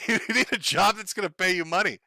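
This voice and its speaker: A man's voice: sits high, expressive, brisk, creaky, bright, forceful tone, no echo, pitched above the performer's own voice, full character voice. A man voicing a blunt speaker who lectures newcomers on rent, jobs and stabbing goblins. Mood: mocking. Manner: mocking, matter-of-fact lecturing.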